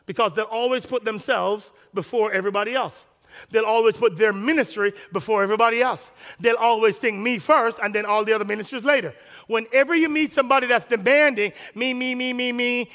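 A high-voiced, bright-sounding man delivers an animated sermon as pastor. He hammers phrases again and again for emphasis, and his voice rings out through a large hall with a long echo. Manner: animated, acts out quoted dialogue, repeats phrases for emphasis.

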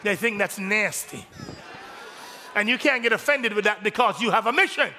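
A male pastor preaching a sermon, rising to shouts on key phrases in call-and-response style, in a church sanctuary. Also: high-pitched, expressive, moderate pace, in a large hall, a little hiss or hum.

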